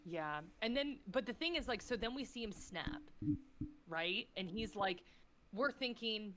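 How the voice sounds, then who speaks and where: A woman talks at a medium pitch as a podcast guest, gushing and getting emotional as she goes. She swears freely and peppers everything with "like." Her delivery is casual, excitable chat. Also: measured pace, slight background noise. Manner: effusive, swears freely, fillers of "like".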